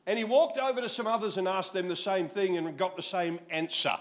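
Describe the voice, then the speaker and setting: This sixty-something Australian pastor delivers his sermon briskly in a high voice. He keeps it jokey and animated, weaving in stories.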